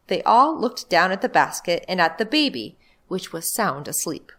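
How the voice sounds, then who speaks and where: A librarian reading a children's book aloud, a woman telling the story in a lively way. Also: fairly low pitch, moderate pace, hardly any pauses.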